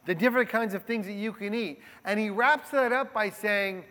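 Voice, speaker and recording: High-voiced pastor preaching in a reverberant hall. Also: male voice, moderate pace, hardly any pauses. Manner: conversational, animated, often asks "right?". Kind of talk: sermon.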